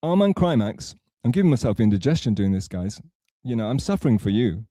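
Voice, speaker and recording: A man's voice: lowish voice, animated, quick pace, warm tone, no echo. A man from England talking on a livestream, rambling and self-mocking, with a sarcastic, digressive way of telling a story. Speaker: streamer.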